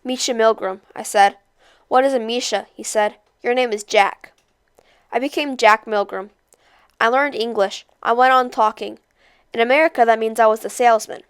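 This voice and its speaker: A young woman casually introducing, then reading a novel aloud with expressive character voices. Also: on the high side, normal speed, clean tone, no room sound. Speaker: read-aloud host.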